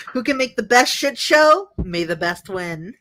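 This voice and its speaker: A woman's voice: a little high, lively intonation, a little slow, pushed and bright, no room sound. A woman hosting a casual livestream chat, teasing her co-host and laughing often. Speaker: stream host.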